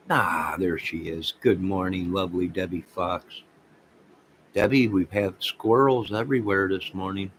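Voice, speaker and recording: A man's voice: low-pitched, slight background noise, rough recording. A man hosting a casual livestream, rambling and talking straight to his viewers. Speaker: livestream host.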